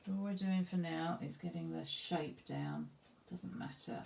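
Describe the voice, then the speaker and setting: A woman's voice: lowish voice, steady tone, measured pace, creaky, a little mellow. A woman with an Essex accent teaching a live painting demonstration, chatting and thinking aloud as she works. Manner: chatty, self-deprecating, thinks aloud while working. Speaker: craft tutor.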